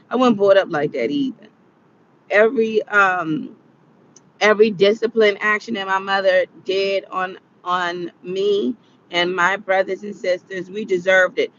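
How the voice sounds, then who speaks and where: A woman's voice: mid-range voice, fairly bright tone, dull audio, a little hiss or hum. A woman in her late thirties telling stories in a casual chat, laughing often and acting out quotes. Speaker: vlogger. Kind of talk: casual storytelling.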